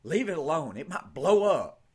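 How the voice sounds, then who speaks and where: A man voicing a brisk, protective young woman schoolteacher in an audiobook, with a firm, scolding older-sister tone. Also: mid-range voice, very animated, a bit bright.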